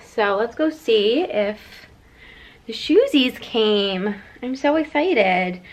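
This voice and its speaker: A woman's voice: a little high, expressive, takes it slowly, a little hiss or hum. A young pregnant woman chatting casually in a home vlog, rambling with lots of fillers and slightly out of breath. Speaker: vlogger and mother.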